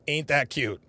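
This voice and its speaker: A man hosting a live reaction commentary, talking emphatically and repeating himself for stress. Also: a little high. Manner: animated, repetitive emphatic phrasing. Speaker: host.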